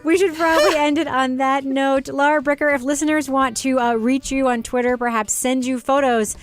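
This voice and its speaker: A woman hosting a podcast in casual chat, wry and quick to laugh as she puts questions to her co-hosts. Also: high-pitched, fairly even intonation. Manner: wry, laughs often, steers the talk with questions. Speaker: podcast host.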